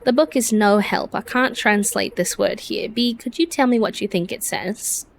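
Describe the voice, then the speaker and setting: A woman voicing an earnest young female villager in a deliberately bad English accent, reading the lines playfully. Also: mid-range voice, creaky, slight background noise, lightly acted. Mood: thoughtful. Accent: put-on bad English accent.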